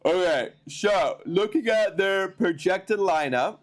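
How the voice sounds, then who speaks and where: A man hosting a live baseball stream, chatting to viewers and reading trade news in a rambling, excitable way while tired. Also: sits high, slow. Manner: excitable, rambling, talks to chat. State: tired, yawning. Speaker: baseball livestream host.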